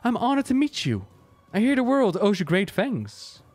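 A man's voice: sits high, wildly swooping pitch, moderate pace, darkish tone, dry recording, faint music behind, heavily acted. A man reading a story aloud, voicing an eager, polite young woman in a raised, earnest, courteous voice. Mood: admiring.

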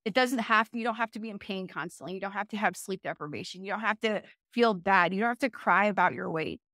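A woman guest on an interview, telling her story in a loose, chatty way and restarting her sentences as she goes. Her voice sits at an ordinary middle pitch. The sound is dry and close, with no room echo. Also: quick pace, bright, forceful tone. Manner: chatty, frequent fillers and self-corrections, laughs often. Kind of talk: casual conversational storytelling.

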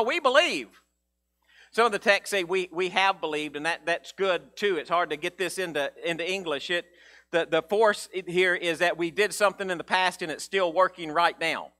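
A man preaching a conversational, animated sermon as pastor, often restarting his sentences and acting out quotes. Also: sits high.

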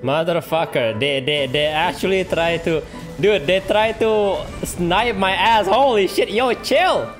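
A streamer giving excitable live gameplay commentary, full of trash talk, laughter, repeated taunts and non-native English grammar. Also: medium pitch, unhurried, soft background music. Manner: taunting, repeats short phrases.

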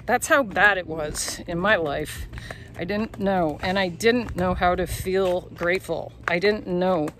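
A woman's voice: lowish voice, measured pace, fairly bright tone. Woman tour guide, casual vlog, candid and profane, laughs a lot, faint noise and clicks behind. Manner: candid, laughing, swears freely. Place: outdoors on a hillside lookout.

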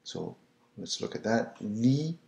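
A man teaching pronunciation, who repeats each word slowly and coaxes the listener to try it. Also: on the low side, lively intonation, creaky, darkish tone. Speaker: French teacher. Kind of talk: slow, patient pronunciation lesson. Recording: echoey room.

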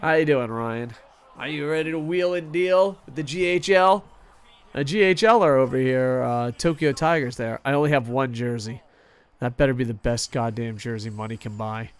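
A man giving casual, excitable commentary on a hockey video game stream, swearing often and poking fun at himself. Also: mid-range voice, moderate pace, clear, resonant tone. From United States. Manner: excitable, profane, self-mocking.

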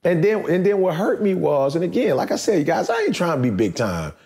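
A man's voice: fairly high pitch, big pitch swings, brisk, creaky, darkish tone. A man hosting a podcast, talking in an emphatic, preachy way and repeating phrases for stress. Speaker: podcast host. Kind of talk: casual podcast chat.

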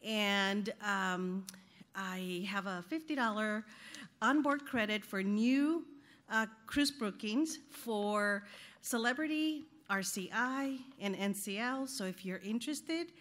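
A woman, a travel agent, giving a friendly short sales pitch at a business event. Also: slow, fairly bright tone.

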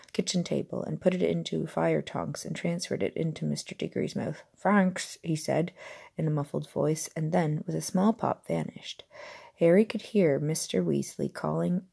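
Amateur audiobook reader, woman, low and husky, plain steady narration. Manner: reads steadily with occasional slips and self-corrections.

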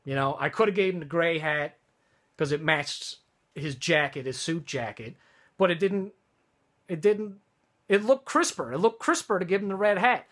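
A vlogger vents to camera in a heated, swearing rant, circling back and restarting sentences. The voice is bright and forceful, pitched in the middle. It is recorded in a room at home. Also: animated, normal speed. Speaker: vlogger and wedding studio owner. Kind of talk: angry profane rant to camera.

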